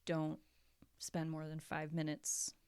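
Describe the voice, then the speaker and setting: A woman co-hosts a relaxed podcast conversation, her voice sitting a little low with a gravelly fry. She talks in a chatty, animated way, often slipping into other people's voices as she tells a story. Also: slow pace. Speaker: podcast co-host. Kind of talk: casual chat.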